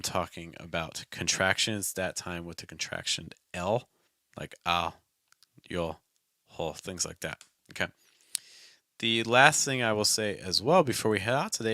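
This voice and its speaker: A man with a low, bright and forceful voice leads an online pronunciation lesson. He models short phrases slowly and says each one several times. The sound is dry and close to the mic. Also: dry recording. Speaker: English pronunciation teacher.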